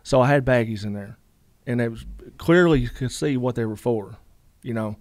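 A man's voice: medium pitch, moderate pace, no echo. A middle-aged man, telling a story casually in a rambling way, full of fillers and quoted dialogue. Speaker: guest.

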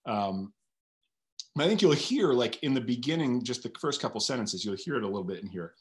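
Animated man thinking aloud. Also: mid-range voice, a little fast. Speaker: guest author. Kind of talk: casual interview chat.

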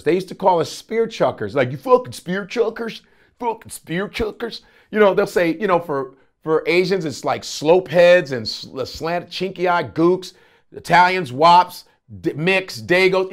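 A male comedian sits for an interview and talks in an animated, emphatic rush, swearing freely. His voice sits a little higher than most men's. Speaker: comedian guest. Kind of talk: casual interview talk.

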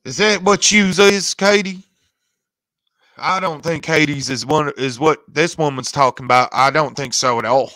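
A man's voice: fairly high pitch, pushed and bright. A man hosting a reaction channel, making sarcastic, mocking comments.

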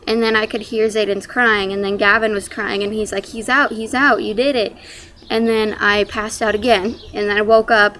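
A woman's voice: on the high side, a bit bright, a little hiss or hum. Young woman rambling through a story. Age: young adult. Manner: casual, rambling, lots of "like" and "um". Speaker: young mother telling her birth story. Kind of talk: personal storytelling vlog.

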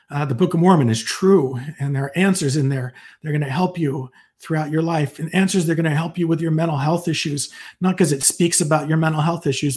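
A man's voice: fairly high pitch, a little mellow, slightly rough. A man, a psychologist, giving an earnest, enthusiastic devotional fireside talk with casual asides and a personal testimony.

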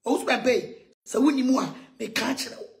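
A Ghanaian woman ranting heatedly in a mocking tone, shouting insults and laughing between lines. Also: a little high, lively intonation, fast talker. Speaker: self-styled prophetess ranting on video. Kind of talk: heated rant in Twi and English.

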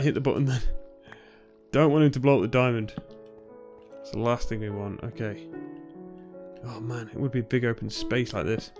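A young man giving nervous, excitable commentary on a game he is playing, often bursting into shouts. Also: medium pitch, moderate pace, pauses often, soft background music. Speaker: gaming YouTuber. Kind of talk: Let's Play commentary.

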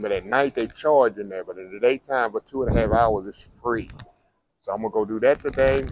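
A middle-aged man with a drawl talks to his viewers in a relaxed, chatty way, calling them y'all. His voice sits low. He films himself on a handheld camera aboard a cruise ship, with faint background noise. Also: low-quality recording. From Texas. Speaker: food vlogger. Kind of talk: casual vlog narration.

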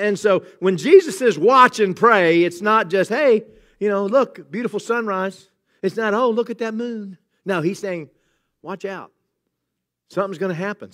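A middle-aged pastor preaches in a relaxed, talkative way, breaking into jokes and shouted warnings. His voice sits fairly high for a man. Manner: conversational, humorous asides, emphatic exclamations. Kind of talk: sermon.

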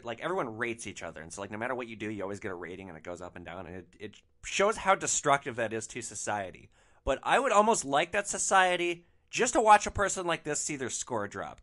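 A man telling comedic stories in a mid-pitched voice that swoops up and down with plenty of expression. His delivery is sardonic and crude, savoring every petty victory. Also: a bit bright. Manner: sardonic, crude, relishing revenge. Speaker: podcast host and rideshare driver. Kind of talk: comedic storytelling.

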